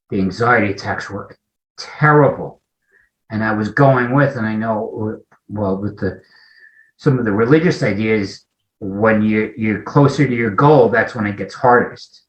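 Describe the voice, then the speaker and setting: A man as an interview guest, candidly telling a meandering personal recovery story in conversation. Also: fairly low pitch. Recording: roomy, dull lo-fi sound.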